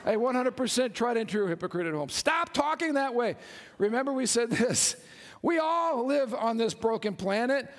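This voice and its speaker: Man, pastor, lively joking sermon, high voice, hall echo. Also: normal speed. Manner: animated, joking, calls out to congregation.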